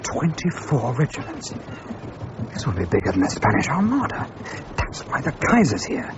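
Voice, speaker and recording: A clipped, commanding English adventurer leads this radio drama with a lively, swinging pitch. The recording sounds dull, with steady noise underneath. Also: male voice, moderate pace. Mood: urgent. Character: English gentleman adventurer narrating his tale. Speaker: narrator and lead character.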